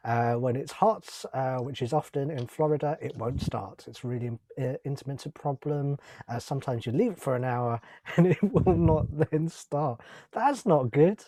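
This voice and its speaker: A man's voice: medium pitch, normal speed, few pauses, dark tone, dry recording. A man co-hosting a car podcast, reading out listener questions with jokey asides. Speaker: podcast co-host. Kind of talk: casual car-advice chat.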